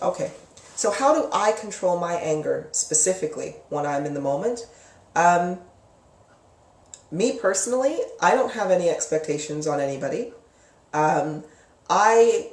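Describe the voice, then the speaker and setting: A woman's voice: lowish voice, a little mellow, reverberant. A woman hosting a live psychic Q&A, answering viewer comments in a frank, chatty way with casual swearing. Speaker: psychic live-stream host.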